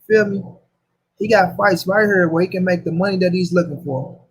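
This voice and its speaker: High husky-voiced man ranting. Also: normal speed, low-quality recording. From St. Louis, USA. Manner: profane, slangy, repetitive rant. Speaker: boxing commentary host. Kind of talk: casual boxing talk.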